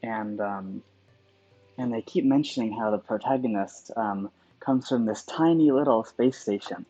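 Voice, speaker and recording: This calligrapher streams himself working, talking casually and thinking out loud, often going off on tangents. His voice is fairly low, warm and husky, a little slow. The recording sounds dull and lo-fi, with quiet music in the background.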